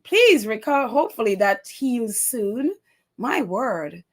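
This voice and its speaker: A woman hosting a casual livestream, chatting warmly and reading out viewer comments with many fillers. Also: a little high, very animated, takes it slowly. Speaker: livestream host.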